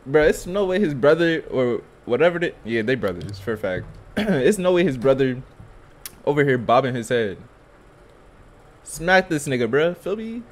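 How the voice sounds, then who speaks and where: A man's voice: medium pitch, very animated, moderate pace. A young man hosting a YouTube reaction video, talking casually in heavy slang with blunt, scornful remarks. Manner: slangy, keeps tagging lines with "feel me".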